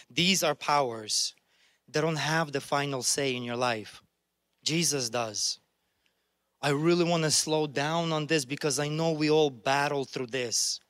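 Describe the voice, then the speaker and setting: A man's voice: a little high, a bit bright, dry recording, clean studio sound. A man preaching a sermon in an earnest, conversational way, often restarting his phrases. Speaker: pastor.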